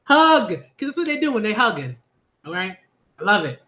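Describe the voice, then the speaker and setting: Excitable high-voiced man reacting to manga. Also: brisk. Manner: excitable, repeats phrases, laughs often. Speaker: manga reviewer. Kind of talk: live reading reaction commentary.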